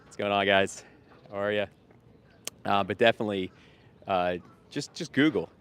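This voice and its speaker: A man's voice: lowish voice, moderate pace, fairly bright tone, clear, resonant tone. A man recording a casual vlog outdoors on a town street while doing vegan outreach. He talks in a rambling, upbeat way with many fillers and restarts. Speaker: vegan street activist and vlogger.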